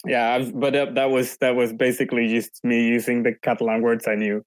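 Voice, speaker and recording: Halting man with dry sound. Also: medium pitch, level tone, no room sound, low-quality recording. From Sweden. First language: Swedish. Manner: halting, thoughtful, frequent restarts. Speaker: guest. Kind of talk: casual interview.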